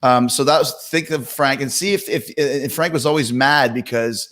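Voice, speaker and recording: A man co-hosting a podcast in casual chat, halting and hunting for words. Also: medium pitch, fairly bright tone. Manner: halting, hunts for words with fillers. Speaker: podcast co-host.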